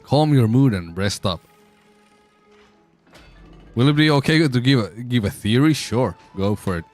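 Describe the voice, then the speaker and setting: A man's voice: mid-range voice, animated, measured pace, a little mellow, faint music behind. A man playing a story game live, chatting to his viewers in a joking, irreverent and rambling way. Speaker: streamer. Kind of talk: casual game commentary.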